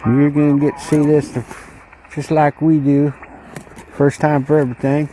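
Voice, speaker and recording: A man hosting a casual unboxing video, musing aloud in a slow, rambling way as he goes through a ration pack. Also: fairly high pitch, level tone, warm tone, a little hiss or hum, rough recording. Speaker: channel host reviewing ration packs.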